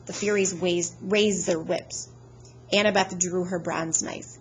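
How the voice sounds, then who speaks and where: A woman narrating an audiobook in a lively, expressive reading style. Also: lowish voice, unhurried, a little hiss or hum, poor audio. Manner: lively expressive reading, voicing characters' shouts.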